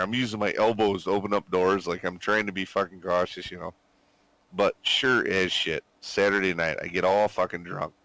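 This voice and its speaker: Low-voiced, foul-mouthed man in his forties. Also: bright, forceful tone, no echo. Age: 40s. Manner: swears constantly, laughs, acts out quotes. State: recovering from illness, coughing. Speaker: gamer chatting with squadmates. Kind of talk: casual profane storytelling.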